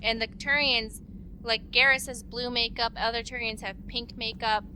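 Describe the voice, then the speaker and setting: A chatty woman co-hosting a let's play, giggling and musing as she plays. Her voice is a bit high and bright. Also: level tone, moderate pace, slight background noise. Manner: chatty, giggly, theorizing aloud. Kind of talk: casual gaming chat.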